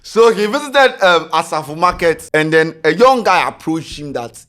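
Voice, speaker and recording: A Ghanaian man hosting a podcast, telling a comic story in Ghanaian English with pidgin, animated and laughing, repeating words for effect. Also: on the high side, normal speed. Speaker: podcast host.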